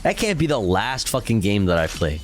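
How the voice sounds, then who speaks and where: A man's voice: fairly low pitch, sing-song, moderate pace, soft background music. A young man streaming a video game, chatting casually with his viewers, playful and jokey and swearing often. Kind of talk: casual gameplay commentary.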